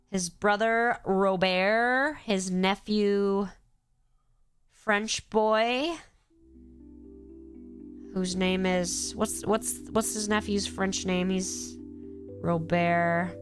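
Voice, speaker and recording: A woman's voice: mid-range voice, very slow, long pauses, soft background music. A woman with a cold, tired and rambling casually on a live stream, swearing freely and answering her chat as she goes.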